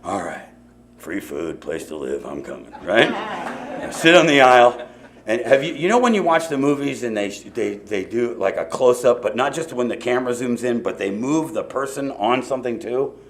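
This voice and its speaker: A middle-aged man speaks at a normal speed in an animated, medium-pitched voice, with a little hiss or hum on the recording. He's sharing his story at a recovery meeting in a meeting hall, conversationally and with many asides, often saying "you know".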